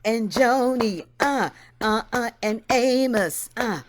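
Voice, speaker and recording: A woman's voice: fairly high pitch, slow, soft background music. A woman hosting a livestream over a video call, greeting viewers by name with effusive exclamations. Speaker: host.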